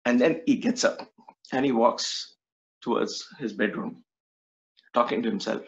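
Gravelly man, earnest storyteller. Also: medium pitch, a little slow, long pauses. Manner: earnest, musing, repeats words for emphasis. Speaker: former attendant telling a spiritual story. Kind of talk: reflective storytelling talk. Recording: dull lo-fi recording.

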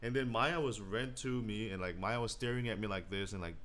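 A man recounting a backstage story on a stream in halting, broken phrasing with frequent restarts. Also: fairly low pitch, a bit bright. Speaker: singer recounting a performance. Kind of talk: casual stream talk.

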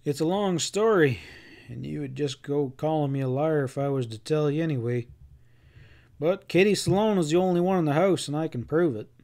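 A man's voice: a little high, moderate pace, dark tone, close to an everyday voice. A man voicing a stubborn cowboy who shields his friend and protests in folksy, pleading speech. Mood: protesting.

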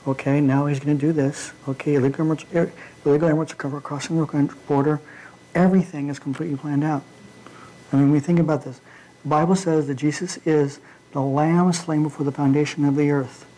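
A man preaching an informal midweek sermon in a church, talking in a halting way with frequent fillers and restarts. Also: fairly high pitch, steady tone, warm tone, rough recording.

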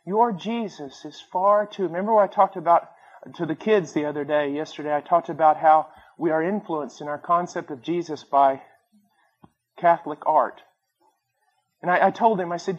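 A man preaching a sermon, telling stories with acted-out voices and swinging between loud bursts and quiet asides. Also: on the high side, steady tone, normal speed, slightly rough. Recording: dull lo-fi sermon recording.

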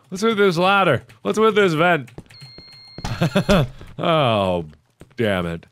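A young man giving commentary on a horror game, drifting between low mutters and sudden yells. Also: very animated, takes it slowly, a little hiss or hum. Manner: jumpy, swings from mutters to yells. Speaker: gaming video host.

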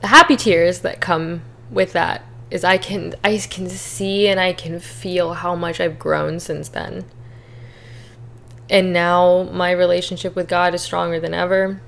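A woman's voice: fairly low pitch, steady tone, unhurried, creaky, a bit bright. Tearful young woman sharing her testimony. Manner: candid, earnest, emotional at times. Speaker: podcast host. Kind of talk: personal testimony, casual.

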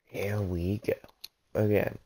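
A male streamer mutters and jokes to himself as he plays a game. His voice is dark and gravelly at a middle pitch. Faint clicking and typing come through in the background. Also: level tone, slow, slight background noise. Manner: jokey, talks to himself while playing. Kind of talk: casual gameplay commentary.

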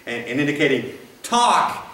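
A man's voice: fairly high pitch, big pitch swings, moderate pace, bright, forceful tone. A man preaching a sermon in a church, folksy and rambling, with frequent restarts and asides. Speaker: pastor. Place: church sanctuary. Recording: roomy, from a distance.

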